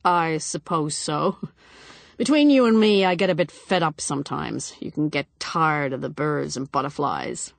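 A woman's voice: fairly low pitch, lively intonation, moderate pace, vocal fry, dry recording. A woman voicing a tipsy, overfamiliar middle-aged man who drawls jovially. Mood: leering.

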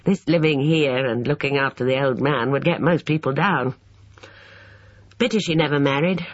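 A reader voicing a chatty, cheerful young Englishman who rambles eagerly, in a husky voice. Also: medium pitch, normal speed, no echo, muffled recording, close to an everyday voice. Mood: breezy.

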